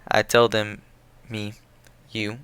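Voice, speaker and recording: A frightened old man who would rather not kill, pleading in slow, broken phrases, as a man reads him aloud. The voice sits low and smooth. It is heard close and dry, like a studio reading. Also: completely flat delivery, a bit bright, no room sound. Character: old white man, a fearful reluctant killer. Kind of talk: audiobook character reading.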